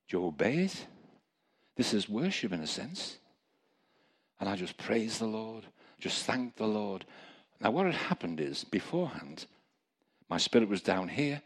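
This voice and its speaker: Low, husky preacher man. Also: normal speed. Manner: storytelling, animated, chuckling asides. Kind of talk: testimony sermon.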